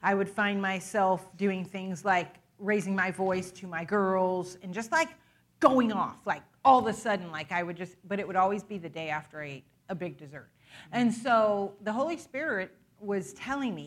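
A woman preaching to a church in a candid, conversational way, quick to laugh at herself as she shares a personal story. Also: mid-range voice. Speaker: guest preacher. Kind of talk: informal sermon with personal testimony. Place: church sanctuary.

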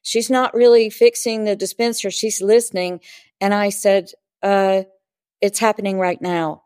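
In an interview, a spiritual teacher shares stories earnestly, bringing them to life by acting out each exchange. Her medium-pitched voice has a dark tone, captured with studio quality and no room sound.

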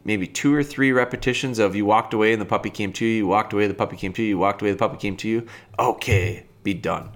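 A man talking casually as a dog trainer, plain-spoken and relaxed, who breaks into high excited calls to show how to call a puppy. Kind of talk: casual advice talk.

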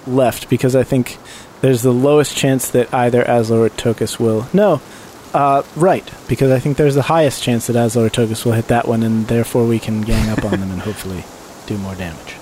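A man's voice: medium pitch, fairly even intonation, dark tone, slight background noise. A man playing a tabletop game, joking and laughing with the table. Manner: playful, joking, quick to laugh. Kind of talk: casual tabletop play.

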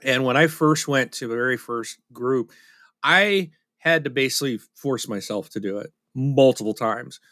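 Loose, casual chat comes from a male podcast co-host who is candid and a bit self-deprecating, circling back and restarting often. He speaks at a moderate pace in a bright, forceful mid-range voice, recorded dry with no room sound.

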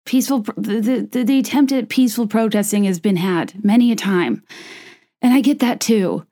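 A young woman giving a personal monologue to camera, earnest and impassioned, often halting and restarting mid-thought. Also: mid-range voice, warm tone. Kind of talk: personal monologue to camera with a read-aloud passage.

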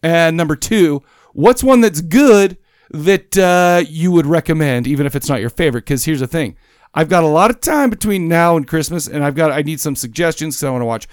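A man's voice: fairly high pitch, lively intonation, a little fast, clear, resonant tone, dry recording, studio quality. A man hosting a podcast in a casual chat, enthusiastic and rambling. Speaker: podcast host.

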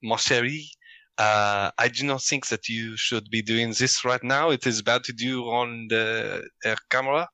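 A man doing a bubbly French lady, put-on French accent, mock-feminine scolding, a touch higher than his own voice, sharp bright tone, dry close sound. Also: steady tone, a little slow, no room sound. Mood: teasing. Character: flirty, effervescent French woman.

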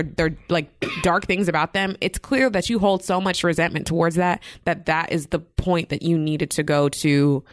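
A woman's voice: low-pitched, no echo, studio quality. A woman co-hosting an advice podcast, talking earnestly and rambling with fillers. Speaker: podcast co-host. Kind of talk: casual advice chat.

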